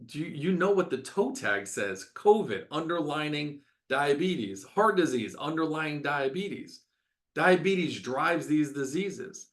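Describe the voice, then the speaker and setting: A man's voice: fairly high pitch, expressive, slow, fairly bright tone. Passionate ranting man. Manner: ranting, emphatic, repeats words. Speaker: doctor hosting a health webinar. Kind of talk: passionate webinar talk.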